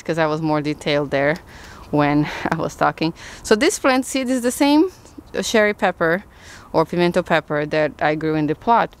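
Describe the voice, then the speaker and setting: Woman rambling thru her backyard garden tour, lowish voice, some faint hum outside. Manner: chatty, thinks aloud with restarts, addresses viewers. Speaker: gardening vlogger. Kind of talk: casual garden tour chat.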